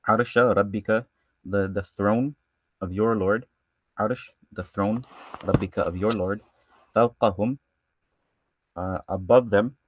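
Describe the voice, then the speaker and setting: A man with a somewhat low voice leads a scripture lesson at a brisk clip. He reads the Arabic lines and translates them in a loose, conversational way, stumbling and restarting as he goes. The sound is dry and close. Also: fairly even intonation, dry recording. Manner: reads Arabic verses, then translates and explains with many restarts; casual and conversational in his explanations. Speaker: religious studies teacher.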